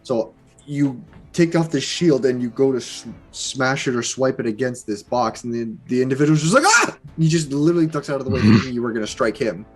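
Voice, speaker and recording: A man's voice: medium pitch, a little fast, a little mellow, husky, faint music behind. A man narrating a tabletop game as game master in a casual, laughing way. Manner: casual, laughing, gestures as he describes.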